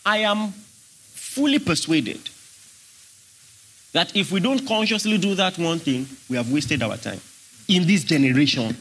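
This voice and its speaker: Lively, bright-voiced male preacher. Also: sits high, unhurried, pauses often, slightly rough. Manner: emphatic preaching, questions to the congregation. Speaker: pastor. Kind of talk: sermon.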